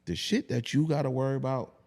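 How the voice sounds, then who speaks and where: A man around forty, a podcast guest, chatting casually and telling stories in a profane, animated way. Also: mid-range voice, quick pace.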